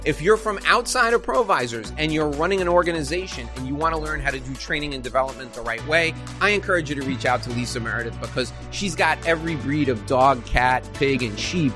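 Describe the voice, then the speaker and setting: A man's voice: on the high side, a little fast, hardly any pauses, over music. A man from New York hosting a podcast interview, talking in a casual, rambling way with many restarts and turning upbeat when he wraps up. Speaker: podcast host.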